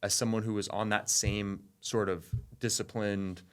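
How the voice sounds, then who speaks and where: A man's voice: lowish voice, level tone, moderate pace, clean tone. A man co-hosting a podcast, chatting enthusiastically and often adding "you know" as he talks. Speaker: podcast co-host. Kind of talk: casual chat.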